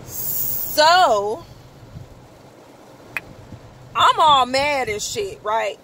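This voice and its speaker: High-voiced woman telling a story. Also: very slow, slight background noise, low-quality recording. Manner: animated, profane, exclaims in quoted outbursts. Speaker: vlogger. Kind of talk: casual storytelling.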